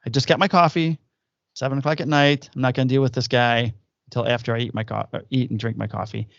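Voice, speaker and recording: A man's voice: medium pitch, quick pace, vocal fry, dry recording, dull audio. A man, a police officer co-hosting a podcast, telling profane stories in casual chat. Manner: profane, animated anecdote telling with acted quotes.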